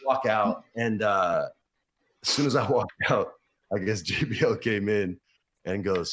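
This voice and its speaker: Talking a little slowly in a lowish voice, this man in his forties swaps crude backstage anecdotes as a podcast guest. His storytelling is lively, and he performs other people's lines himself.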